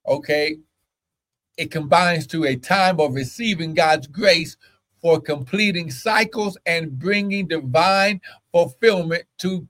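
A fervent male preacher with a notably high voice delivers a sermon. He repeats his phrases and breaks into sudden whoops and hallelujahs. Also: a bit bright. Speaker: pastor.

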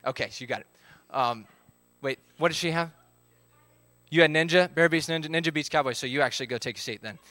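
A man's voice: fairly high pitch, fast talker, pushed and bright, no echo. A man, leading a live group game, upbeat as he calls out counts and instructions.

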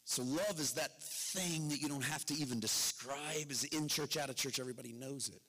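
Middle-aged male pastor mid-sermon, emphatic then hushed, bright tone, long church reverb. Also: fairly quick. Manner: wide swings between loud emphatic and low quiet delivery. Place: church sanctuary. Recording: long reverb of a large hall.

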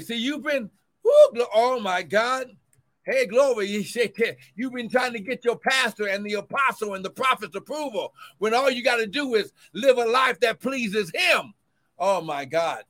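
Fervent high-voiced male preacher. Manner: fervent preaching with shouted cries of "woo, glory"; swings between shouting and quick low asides. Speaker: pastor and prophet. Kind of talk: livestreamed sermon.

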